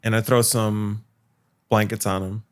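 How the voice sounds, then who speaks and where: A man's voice: on the low side, flat delivery, a little slow. A man in casual podcast chat, a rambling storyteller who swears freely and laughs as he talks. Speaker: podcast guest or co-host.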